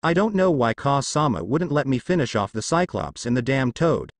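A man's voice: medium pitch, big pitch swings, normal speed, dry recording. A man voicing a cold, domineering young male ninja who growls and speaks darkly, in a fanfic audio story. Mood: cold menace.

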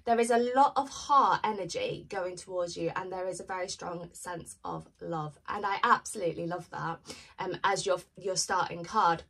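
A woman giving a pick-a-card tarot reading, chatting in a gently reassuring way. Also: lowish voice, normal speed, gravelly, breathy edge, recorded from a distance, rough recording. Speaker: tarot reader.

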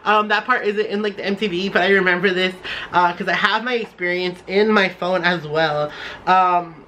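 Bright, excitable young man vlogging. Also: sits high, normal speed, slight background noise. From San Francisco Bay Area. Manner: gushing and excitable, heavy use of "like" fillers. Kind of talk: casual storytime vlog.

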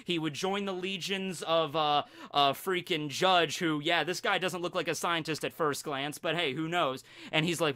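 Energetic, bright-voiced man rambling. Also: fairly high pitch, normal speed, few pauses. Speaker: YouTube host. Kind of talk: casual fan commentary.

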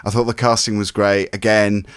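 Low voiced guy reviewing films, earnest and measured, dry sound. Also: flat delivery, clear, resonant tone, no echo. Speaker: film review co-host. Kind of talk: casual chat.

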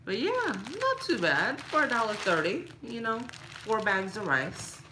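A woman talking casually and playfully to her viewers in a shopping haul vlog, laughing often and getting animated when she complains. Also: measured pace, background noise. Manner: playful, laughs a lot, talks straight to viewers as "girl"; animated, rises high when mock-angry. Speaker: vlogger showing a shopping haul.

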